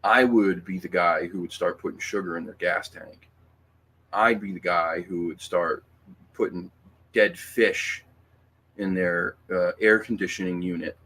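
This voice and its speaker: Hosting a casual livestream, a man with a deep, steady voice reads out viewer comments a little slowly, his tone sharp. He rambles emphatically, swearing and restarting, with lots of fillers.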